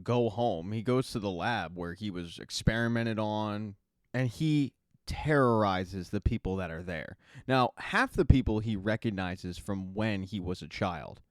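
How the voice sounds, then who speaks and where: A man's voice: fairly low pitch, dry recording, clean studio sound. A man hosting a casual spoken recap of a TV season, chatty and adding offhand asides as he goes. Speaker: TV recap host.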